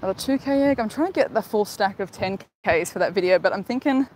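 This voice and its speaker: A woman's voice: medium pitch, animated, quick pace, a little mellow, a little hiss or hum, poor audio. A young woman chatting casually on a live stream while walking outside, upbeat and talkative as she greets viewers. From Australia. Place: outdoors, walking.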